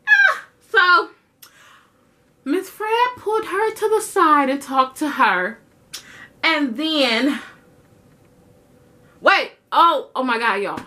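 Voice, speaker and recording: A young woman with a bright, sharp, somewhat high voice tells a story straight to her viewers. She talks in quick, slangy bursts and acts out every line of the quarrel herself. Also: slight background noise. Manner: animated, slangy, acts out the dialogue. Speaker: vlogger telling a story. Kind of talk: casual storytime chat.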